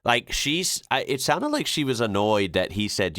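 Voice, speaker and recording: A man's voice: mid-range voice, big pitch swings, normal speed, a bit bright, dry recording, clean studio sound. A man from the northern US with a Northern American accent, hosting a reaction video in chatty, rambling commentary, often checking in with "right?". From northern United States. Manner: chatty, self-correcting, rhetorical "right?". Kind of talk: casual commentary.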